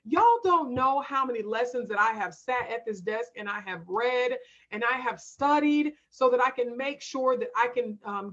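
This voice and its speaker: A woman's voice: on the high side, dull audio. A woman hosting a homeschool livestream, chatting casually with viewers and reading their comments aloud in an emphatic, folksy way.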